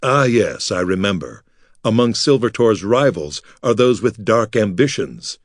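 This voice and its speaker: A bitter half-orc fighter, spitting each word through clenched anger, as a narrator voices him. The voice is lowish and sounds close and dry. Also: male voice, expressive, a little slow, dry recording. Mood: fierce anger. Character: angry half-orc male warrior.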